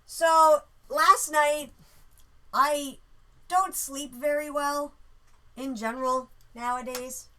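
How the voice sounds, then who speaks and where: A woman casually telling a story about a dream, animated and swearing freely. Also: high-pitched, takes it slowly.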